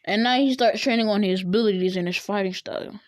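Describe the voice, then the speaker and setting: A woman's voice: medium pitch, quick pace, dry recording. A woman casually telling a fan-fiction story in a rambling, slangy way, with many fillers and restarts.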